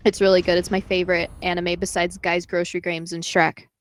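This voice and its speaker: A young woman from the United States chatting casually on a game stream with a teasing, playful manner and deadpan jokes. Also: fairly low pitch, a little fast, a little hiss or hum, poor audio. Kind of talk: casual chat.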